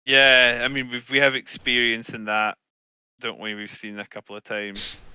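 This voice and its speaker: A man playing in a tabletop game, chatting casually and thinking out loud. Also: medium pitch, completely flat delivery, normal speed, clear, resonant tone, no room sound.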